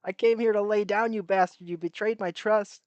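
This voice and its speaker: A man's voice: high-pitched, fairly even intonation, moderate pace, a little mellow, smooth, no room sound, dull audio, voice pushed up, close to an everyday voice. A man voicing his huffy, indignant male cat. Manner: huffy, scolding.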